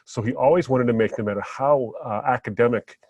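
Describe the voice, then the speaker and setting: A man speaking as a guest on a podcast, reflecting on memories and telling stories in a relaxed, anecdotal way. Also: mid-range voice, fairly quick, dry recording, dull audio. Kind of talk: podcast conversation.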